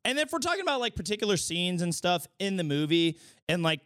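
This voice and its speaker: A man giving a casual vlog movie review, slangy and animated, at times bursting into shouts. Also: sits high, quick pace, no room sound, clean studio sound.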